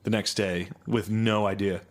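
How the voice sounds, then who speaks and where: A man's voice: fairly low pitch, fairly even intonation, moderate pace. A young man co-hosting a podcast, trading crude jokes in casual banter. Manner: crude, joking banter with laughs. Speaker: podcast co-host. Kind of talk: casual comedic chat.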